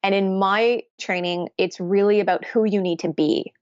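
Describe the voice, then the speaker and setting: A woman's voice: mid-range voice, steady tone, moderate pace, no echo, muffled recording. A woman nutritionist and coach, speaking as a podcast guest and explaining earnestly, often tagging "right?" onto what she says. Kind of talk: podcast interview conversation.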